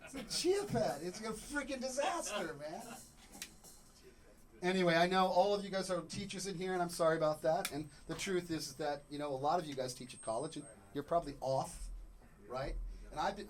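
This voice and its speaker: A man doing a stand-up comedy set on a club stage, rambling and joking, acting out little scenes with sudden shouts. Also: on the high side, fairly even intonation, brisk.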